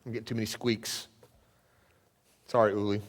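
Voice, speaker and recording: A male pastor preaching a sermon, swinging from loud exclamations down to hushed, near-whispered lines. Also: fairly low pitch, level tone, normal speed. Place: church sanctuary. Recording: long church hall reverb.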